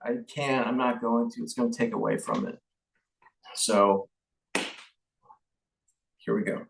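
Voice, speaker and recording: A man giving a casual, halting movie review, slow and full of fillers and restarts. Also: mid-range voice, fairly even intonation, gravelly, recorded from a distance, a little hiss or hum. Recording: echoey room, off-mic.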